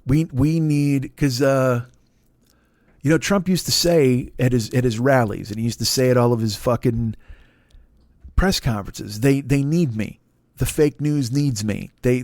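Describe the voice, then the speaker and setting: A man in his forties hosting a solo comedy podcast, ranting in a profane, exasperated, animated way. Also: mid-range voice, no room sound, studio quality. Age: 40s.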